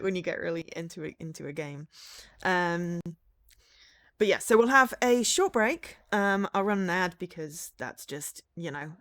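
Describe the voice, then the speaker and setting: A woman streaming a game and chatting casually with her viewers. Her voice sits fairly low but moves through a wide, animated pitch range. She rambles along with plenty of fillers and the odd laugh. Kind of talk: casual gameplay chat.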